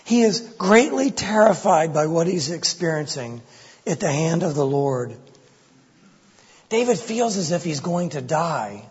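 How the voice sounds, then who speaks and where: Man preaching, raspy voice, pretty high, impassioned, echoey church sound. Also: big pitch swings, measured pace. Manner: impassioned, voices the psalmist's pleas with rising intensity. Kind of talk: expository sermon. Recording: lo-fi recording with long hall reverb.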